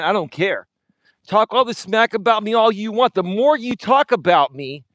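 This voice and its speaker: A man's voice: high voice, fairly bright tone, dry recording. A man hosting a livestream, taunting a rival with repeated jabs. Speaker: livestream host. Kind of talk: confrontational livestream rant.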